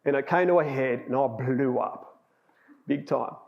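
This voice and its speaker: A man's voice: mid-range voice, unhurried, gravelly, muffled recording. A man giving a sermon, telling personal stories in a chatty way and laughing at himself. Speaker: lay preacher.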